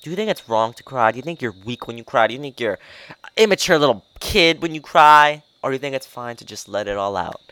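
A young podcast host chatting casually, ranting in an animated way and reading out questions to co-hosts. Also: fast talker, clean tone. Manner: animated, ranting, swings pitch widely. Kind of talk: casual chat.

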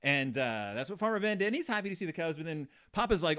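A man's voice: high-pitched, big pitch swings, fairly quick, a bit bright. A man giving a casual, sardonic, rambling commentary on a children's book, joking as he goes. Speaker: book reviewer.

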